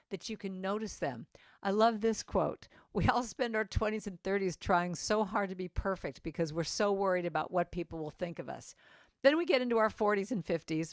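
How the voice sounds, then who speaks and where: A middle-aged woman giving a sermon as a guest speaker, telling stories in an animated way and acting out the voices of people she quotes. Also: medium pitch, dry recording, clean studio sound. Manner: animated, acts out quoted voices, laughs while talking. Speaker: guest speaker at a Sunday service. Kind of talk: storytelling sermon.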